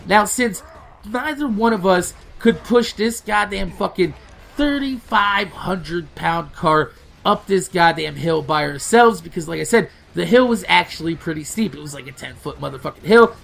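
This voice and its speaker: A young man casually telling a profane, animated story over gameplay. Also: sits high, normal speed, gravelly. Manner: profane, animated storytelling, yelling in retold quotes. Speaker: gaming channel host.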